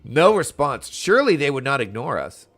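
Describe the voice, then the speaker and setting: A man's voice: mid-range voice, big pitch swings, moderate pace, fairly bright tone. A man reading aloud the lines of a solemn young woman who leads a sworn order, in a formal, earnest tone over faint game music.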